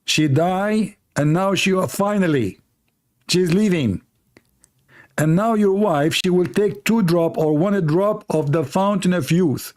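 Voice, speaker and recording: A man hosting a livestream who mocks his subject in a sarcastic, jokey way, repeating phrases for effect. His English has non-native grammar, and his speaking voice sits a little high for a man. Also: takes it slowly, a little mellow. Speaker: livestream host. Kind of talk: mocking religious commentary.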